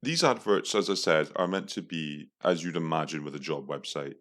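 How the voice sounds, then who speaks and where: A man's voice: very deep voice, moderate pace, fairly bright tone. A young man hosting a podcast, reacting to adverts in a profane, incredulous, mocking way. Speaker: podcast host. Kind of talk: casual commentary.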